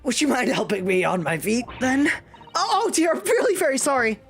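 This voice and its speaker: A woman doing a high, flustered, polite young assistant. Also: animated, a little fast, vocal fry, slightly rough, soft background music, full character voice. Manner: apologetic, genteel, fretful.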